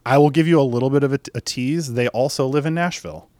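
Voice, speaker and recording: Chicago-accented male podcast host, casual and jokey, mid-pitched, dry close mic. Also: fast, dry recording. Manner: relaxed, swears freely, jokey. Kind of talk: casual chat.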